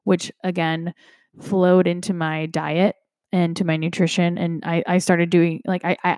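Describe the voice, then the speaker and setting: A woman's voice: fairly low pitch, fairly even intonation, moderate pace, a little mellow, dry recording, clean studio sound. Candid, cussing woman yoga teacher. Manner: candid, swears freely, many restarts and fillers. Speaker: podcast host and yoga teacher. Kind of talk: casual self-help podcast monologue.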